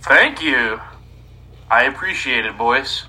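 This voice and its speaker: Man in his twenties, very bright sharp voice, easygoing, slight stammer, casual podcast chat. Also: medium pitch, expressive, takes it slowly, recorded from a distance, low-quality recording. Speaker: podcast co-host.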